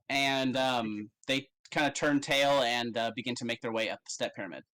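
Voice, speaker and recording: A man's voice: mid-range voice, normal speed, few pauses, pushed and bright, low-quality recording. A man narrating as game master in a casual, rambling way with many fillers.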